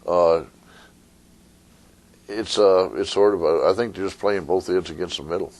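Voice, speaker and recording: A man, an attorney, giving a conversational talk to a live audience, sometimes acting out a fable with lively voices. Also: low-pitched, moderate pace. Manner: conversational, retells a fable with rising animated voices. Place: meeting room with an audience.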